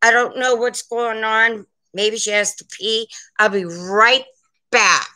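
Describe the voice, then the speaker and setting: A woman's voice: a little high, steady tone, slow, sharp tone, rough recording. A woman running a live online sale from her home, chatting in a rambling, friendly way to her viewers. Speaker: online vintage seller. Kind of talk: live-stream sales chat. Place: at home, indoors.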